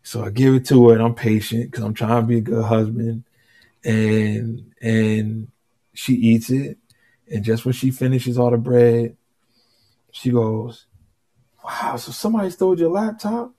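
A man, a guest musician, telling a story in a relaxed conversational way, restarting sentences and acting out dialogue. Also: mid-range voice, unhurried. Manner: animated, restarts often, acts out dialogue.

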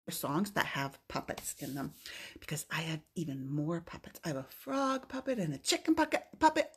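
A woman leading a children's storytime, singing action songs in a sing-song, animated way with excited gasps and whispers. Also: mid-range voice, breathy edge. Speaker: children's librarian.

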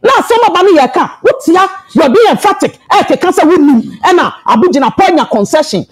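A woman's voice: extremely high pitch, expressive, brisk, poor audio. A Ghanaian woman who is a party executive, arguing emphatically in a heated TV panel debate. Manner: impassioned, argumentative, emphatic. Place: TV studio.

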